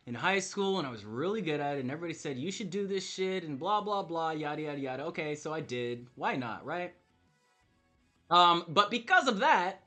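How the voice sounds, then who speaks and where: A man's voice: on the high side, sharp tone. A man streaming while he plays a game, talking candidly and with some swearing about himself and the people around him. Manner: candid, profane, self-reflective. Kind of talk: rambling stream chat while gaming.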